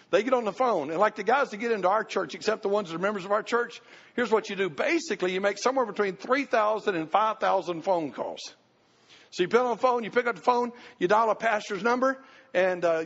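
A man's voice: high voice, creaky, a bit bright, long reverb tail, lo-fi sound. A middle-aged pastor giving a folksy, conversational sermon, often restarting his sentences.

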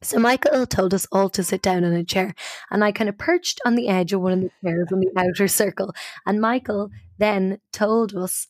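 A woman co-host telling a personal story with animated, self-mocking energy. Her pitch is mid-range for a woman, and the recording is close and dry with no room sound. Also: normal speed, no echo. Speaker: podcast co-host. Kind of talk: casual storytelling.

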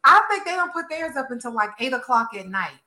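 A woman co-hosting a soap opera chat, explaining things in a chatty, relaxed way. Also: high-pitched, fairly quick. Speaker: soap opera podcast co-host. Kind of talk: casual chat. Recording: echoey room.

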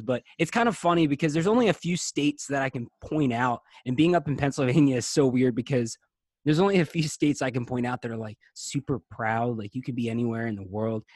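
A man from South Jersey co-hosting a podcast, chatting in a lively storytelling way. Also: mid-range voice, dry recording. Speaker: podcast co-host. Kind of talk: casual chat.

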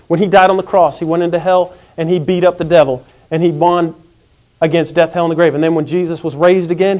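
A man preaching a sermon in a folksy, animated way. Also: on the high side. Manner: folksy, animated, acts out quick comic voices. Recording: dull lo-fi recording.

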